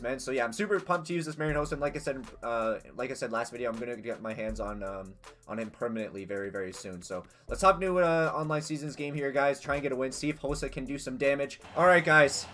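A young man giving casual, excitable gameplay commentary as a gaming channel host, swearing and yelling at big plays. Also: medium pitch. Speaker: gaming youtuber.

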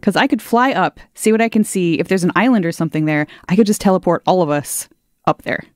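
A woman's voice: on the low side, fast talker, no echo, studio quality. A woman playing a tabletop game, thinking aloud in a hesitant way about what her character could do. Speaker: player. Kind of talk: casual game play chat.

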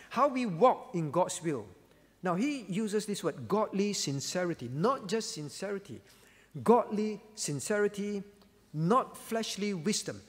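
High-voiced man preaching in a reverberant hall. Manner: earnest, emphatic preaching with repeated key phrases. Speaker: pastor. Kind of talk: sermon. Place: church hall.

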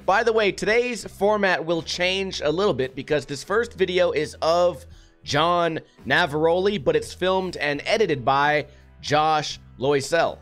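A skate video reviewer with a fairly high voice talks over clips in casual commentary. He's blunt and sarcastic, swearing now and then, while soft music plays faintly in the background.

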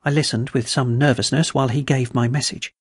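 A man hosting a podcast, reading adventure and dark stories aloud in a measured, steady way. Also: mid-range voice, breathy edge, no room sound, clean studio sound. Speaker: podcast story reader.

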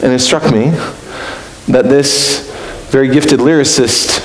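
A man preaching a sermon as pastor, earnest and reflective, lifting his voice high for emphasis. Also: fairly even intonation, slow, long pauses. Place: church sanctuary. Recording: roomy echo with faint hiss.

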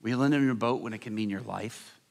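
A middle-aged male pastor telling a story from the pulpit in an animated way, acting out the people in it. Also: medium pitch, fast, vocal fry. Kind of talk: sermon storytelling. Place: large church hall. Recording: church hall reverb.

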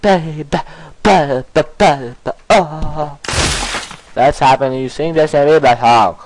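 A young man doing casual let's play commentary, goofy and excitable, often breaking into silly singing and swearing. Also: a little high, measured pace, background noise. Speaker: gameplay commentator.

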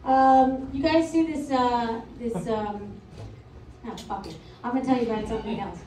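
A middle-aged woman performing a stand-up comedy set in a comedy club, crude and deadpan, working the crowd between punchlines. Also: fairly high pitch, normal speed. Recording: echoey club audio from far off with loud crowd.

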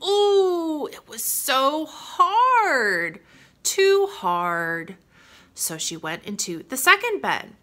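A woman reading a children's storytime aloud in an expressive, exaggerated way. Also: high-pitched, extremely slow.

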